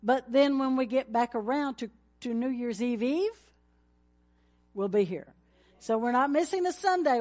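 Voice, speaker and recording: A woman's voice: on the high side, warm tone. Folksy woman preaching. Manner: folksy, laughing, rising to a fervent closing prayer. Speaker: pastor. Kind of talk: sermon with church announcements.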